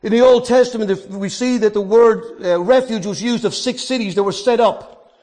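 A man preaching a sermon, dynamic, swinging from quiet asides to shouted points and answering his own questions. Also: sits high, normal speed.

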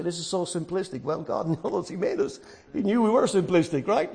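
Male pastor, middle-aged, very high voice, earnest sermon delivery that leans on key words. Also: very animated, brisk, vocal fry, a little mellow.

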